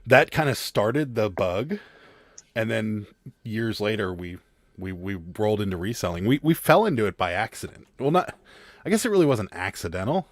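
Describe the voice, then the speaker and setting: A man's voice: on the low side, expressive, normal speed, no room sound, clean studio sound. A man who is a guest on an online panel, telling a story in a rambling way with many restarts over a video call. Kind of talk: casual storytelling chat.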